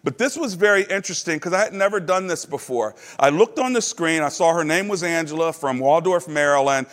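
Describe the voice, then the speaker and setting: Guy preaching a sermon, kinda high voice, tells stories, dips quiet then gets loud and excited. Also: brisk, long reverb tail. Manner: storytelling preacher, asks the crowd questions; swings from low and quiet to high and emphatic. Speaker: pastor.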